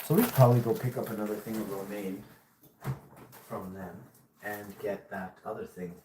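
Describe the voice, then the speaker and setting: A man's voice: on the low side, moderate pace, echoey room, noisy background. A man hosting a casual vlog, telling rambling stories full of swearing. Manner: profane, rambling, animated storytelling. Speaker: host.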